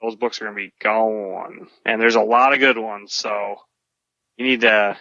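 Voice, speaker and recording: Bright-voiced podcast guy, lo-fi dry sound. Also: on the low side, steady tone, a little slow, no echo. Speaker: podcast co-host. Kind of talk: casual chat.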